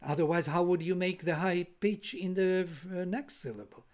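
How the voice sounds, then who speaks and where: Lecturer, online lecture, video-call sound, patient step-by-step explaining, middle pitch. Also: moderate pace, darkish tone. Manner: explanatory, checks in with listeners with "yeah?". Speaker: linguist lecturing on Vedic accent.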